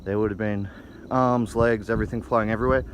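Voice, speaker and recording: A man's voice: lowish voice, brisk, a little hiss or hum. A man filming an outdoor walking tour on a hillside and narrating it in a casual, vivid way on a handheld camera mic. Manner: excited, vivid retelling.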